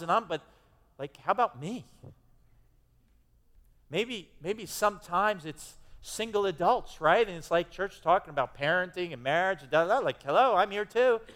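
Pastor guy preaching in a big echoey church, kinda high voice, chatty and emphatic, lots of restarts. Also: fairly bright tone. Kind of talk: sermon. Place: church sanctuary. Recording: long hall reverb.

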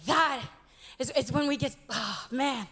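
A woman in her twenties giving an animated sermon, acting out the voices she quotes. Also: high-pitched, unhurried, slightly rough. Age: 20s.

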